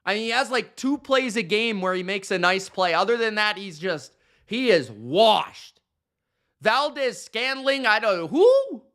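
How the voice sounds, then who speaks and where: Guy ranting football on his podcast, slow drawl, sarcastic and fed up, bright edgy tone. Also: high-pitched, very animated. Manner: exasperated, sarcastic, slangy. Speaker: podcast host. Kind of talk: ranting sports commentary.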